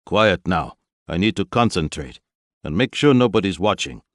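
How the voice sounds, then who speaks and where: A man's voice: low-pitched, animated, normal speed, a bit bright, no room sound, studio quality. Brief: cool-headed safecracker type, clipped orders, voiced by a male narrator. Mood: focused.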